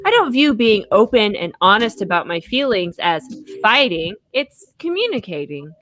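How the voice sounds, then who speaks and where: Bright-voiced woman podcast host. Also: medium pitch, big pitch swings, moderate pace, no room sound. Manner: chatty, laughs often, reads listener letters aloud. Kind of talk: casual podcast chat.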